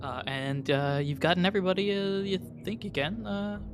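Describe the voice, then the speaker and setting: A man narrating a tabletop role-playing game as game master, relaxed and chuckling. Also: sits high, a little fast, over music.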